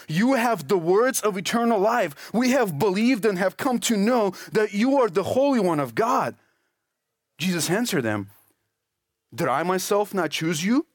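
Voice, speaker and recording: A man's voice: fairly high pitch, no echo, studio quality. Emphatic preacher, a man with a raised voice. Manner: emphatic, slows down to stress scripture phrases. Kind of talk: sermon.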